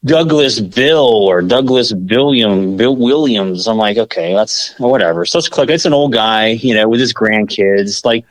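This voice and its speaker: A man's voice: mid-range voice, measured pace, few pauses, dry recording, low-quality recording. An American man co-hosting a podcast in casual chat, rambling and correcting himself with lots of filler. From United States. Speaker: podcast co-host.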